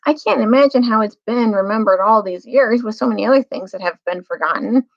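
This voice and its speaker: A woman voicing a young male king who speaks in a grave, measured way. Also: a little high, vocal fry, voice pushed up. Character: young noble male king, calm and fair. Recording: dull lo-fi recording.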